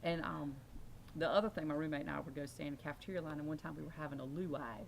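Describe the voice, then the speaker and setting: Low-voiced woman with Eastern Shore Virginia accent. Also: quick pace, gravelly, slight background noise. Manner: animated, mimics voices in anecdotes. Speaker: interviewee. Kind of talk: casual storytelling.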